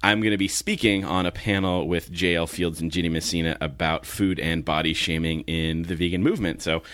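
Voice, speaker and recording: Low-voiced man with a just-woken morning voice. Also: brisk, no room sound, clean studio sound. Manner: relaxed, chatty, laughs easily. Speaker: podcast co-host. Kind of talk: casual podcast chat.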